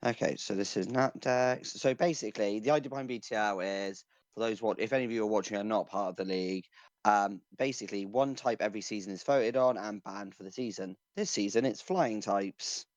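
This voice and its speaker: A man's voice: on the low side, brisk, no echo. A man hosting a casual podcast, explaining things in a rambling way with frequent restarts. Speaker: podcast host.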